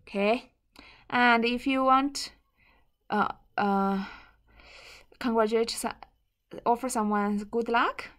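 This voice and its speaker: A woman's voice: on the high side, fairly even intonation, slow, pauses often, a bit bright. A woman whose first language is Mandarin Chinese, teaching a bilingual language lesson and patiently repeating and glossing each word.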